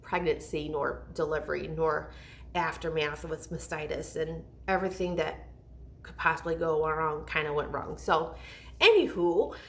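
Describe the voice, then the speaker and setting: A woman in her thirties speaks straight to her viewers in a candid mom vlog, with a voice that sits on the low side for a woman. She rambles through her story with heartfelt openness and keeps breaking off to restart a thought. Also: slight background noise. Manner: rambling, heartfelt, self-interrupting. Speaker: mom vlogger.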